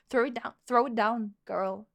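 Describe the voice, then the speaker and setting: A woman's voice: a little high, takes it slowly, vocal fry. A woman live streamer chatting casually with her viewers and telling a rambling story, laughing often.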